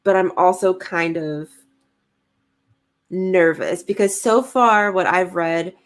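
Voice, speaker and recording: A woman's voice: lowish voice, slow. A woman, co-hosting a casual livestream, chatty and giggly as she reads comments aloud. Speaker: podcast co-host reading live chat.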